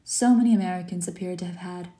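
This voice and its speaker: A polished, cruel old general, as a woman reading aloud puts him on, speaking in an unhurried, mocking tone. The voice is mellow and warm, and he sounds amused by his own cruelty. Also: on the low side, close to an everyday voice. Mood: suave. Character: suave cruel aristocratic older male general.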